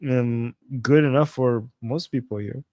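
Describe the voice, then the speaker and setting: A man's voice: medium pitch, unhurried, a little mellow, no echo. A man hosting a casual livestream in his non-native English, reading viewer comments and often restarting his sentences earnestly. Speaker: livestream host.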